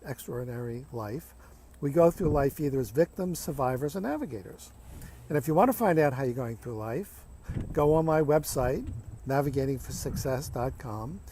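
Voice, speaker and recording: A man hosting a self-help video series, talking in an unhurried, reflective way from the deck of a beach house. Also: on the high side, animated, warm tone. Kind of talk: reflective vlog monologue.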